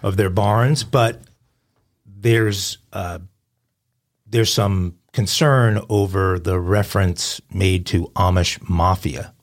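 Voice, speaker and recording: Un homme qui co-anime un podcast en bavardage décontracté, hésitant et blagueur. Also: male voice, low voice, fairly even intonation, slow pace. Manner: rambling, hesitant, joking. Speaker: co-host. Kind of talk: casual podcast banter.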